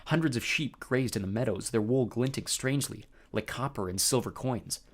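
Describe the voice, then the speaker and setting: Expressive male audiobook narrator, gravelly. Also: mid-range voice, moderate pace. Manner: expressive storytelling. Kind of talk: first-person audiobook narration.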